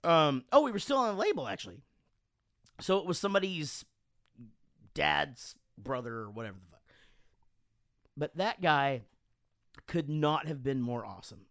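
A man casually telling animated stories on a podcast, swearing freely and acting out quotes, sounding a bit drunk. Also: a little high, normal speed, gravelly, long pauses, dry recording, clean studio sound. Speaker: podcast host and band frontman. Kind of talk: casual storytelling chat.

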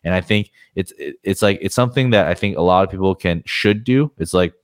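A man's voice: low voice, a little fast, no echo, studio quality. A man talking as a guest on a podcast, frank and rambling, swearing casually as he explains his points.

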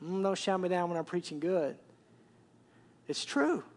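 A man's voice: high voice, very animated, measured pace, a little mellow. A man, preaching a conversational sermon and repeating words as he builds up. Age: 40s. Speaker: pastor.

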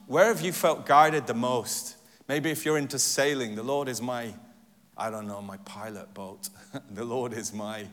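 Preacher in a reverberant hall. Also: male voice, medium pitch. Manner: repeats verses, stressing different words in turn; gentle, reflective teaching tone. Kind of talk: sermon. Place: church hall. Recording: long church-hall reverb.

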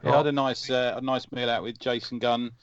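A man co-hosting a casual podcast, delivering crude jokes in a deadpan way. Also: mid-range voice, brisk, no room sound, lo-fi sound.

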